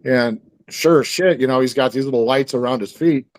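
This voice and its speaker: A man telling a story in a loose, rambling way, full of fillers and restarts. His voice is close and dry, with no room sound. His pitch sits in the middle. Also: fairly quick, no echo. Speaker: guest. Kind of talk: storytelling in casual conversation.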